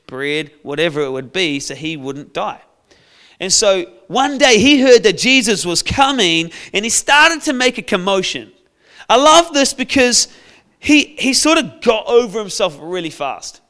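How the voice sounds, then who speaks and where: Bright-voiced male preacher telling a story. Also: high voice. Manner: storytelling, playful, acts out characters with shouts. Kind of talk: sermon.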